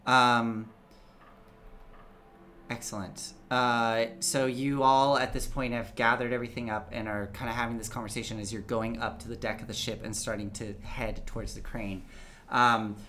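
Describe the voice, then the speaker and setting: A man's voice: mid-range voice, level tone, normal speed, pushed and bright, slight background noise. A man running a tabletop game as game master, narrating in a casual, rambling way with many fillers.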